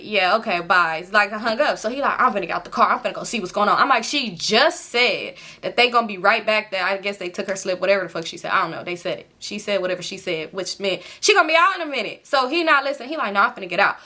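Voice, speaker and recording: A young woman vlogger casually telling a storytime, rambling in slang and acting out what others said with sudden pitch jumps. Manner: animated retelling, acts out quotes with pitch jumps; heavy slang and filler, fast rambling.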